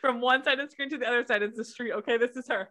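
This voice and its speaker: A young woman co-hosting a podcast, telling stories in a lively, chatty way and acting out what others said. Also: a little high, rapid-fire. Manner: animated storyteller who acts out quotes. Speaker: podcast co-host. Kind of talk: casual chat.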